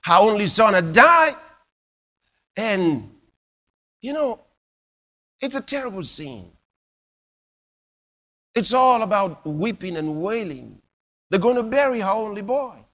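A male preacher delivering a sermon in a high, bright voice that swings widely in pitch. He tells his stories slowly and dramatically, leaping from hushed near-whispers to ringing shouts. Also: sing-song. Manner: dramatic, exclamatory storytelling with sudden loud bursts and hushed drops.

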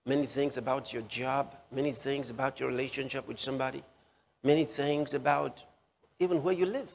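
A man's voice: medium pitch, fairly even intonation, vocal fry. Emphatic male preacher in a reverberant hall. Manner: slow, emphatic repetition of phrases. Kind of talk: sermon.

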